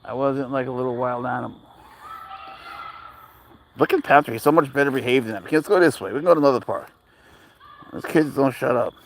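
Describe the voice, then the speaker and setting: A man with a gravelly, creaky voice talks off the cuff on a live stream while outdoors in a park. He rambles bluntly and swears freely, answering viewers' messages as he goes. His pitch sits in an ordinary middle range. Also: a little fast, pauses often, a little hiss or hum. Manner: answers chat messages aloud. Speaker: livestreamer walking his cat. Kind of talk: casual livestream chat.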